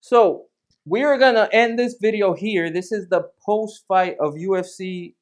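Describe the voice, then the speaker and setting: Male co-host, high voice, casual and excitable, loops back on his points. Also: a little slow. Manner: animated, repeats himself, laughs often. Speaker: podcast co-host. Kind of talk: casual fight analysis chat.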